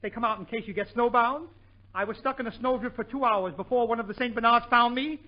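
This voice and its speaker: A comedian hosts a 1940s radio comedy show, firing off punchy wisecracks in a very high voice at a fast clip. The old radio recording is muffled, with hiss and a studio audience.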